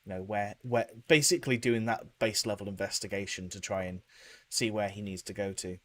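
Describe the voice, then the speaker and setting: A man's voice: lowish voice, steady tone, a little fast. A man playing a tabletop game, talking casually and a bit hesitantly. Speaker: player.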